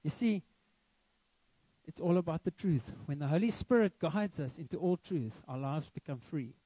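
A man's voice: fairly high pitch, expressive, normal speed, warm tone, breathy edge, no room sound, lo-fi sound. A young man preaching a sermon, earnest and emphatic, with a lot of repetition. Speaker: pastor.

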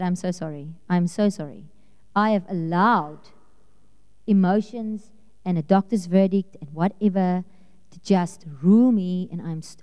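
A woman giving an animated sermon testimony, telling her story with frequent laughter to a congregation in a church hall. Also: fairly high pitch. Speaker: preacher. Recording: long reverb of a large hall.

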